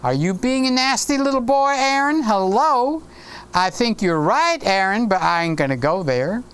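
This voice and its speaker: Brief: a casual male host who reads comments and jokes back, voice clear and resonant. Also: sits high, animated, moderate pace, fairly bright tone. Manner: chatty, reads viewer comments aloud, tells jokes. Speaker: live stream host. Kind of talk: casual live stream chat.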